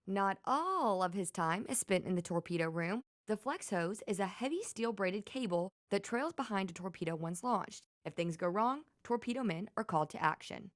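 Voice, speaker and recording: A woman TV news reporter reading a scripted feature voice-over in a measured, clear way. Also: medium pitch, lively intonation, no room sound, studio quality.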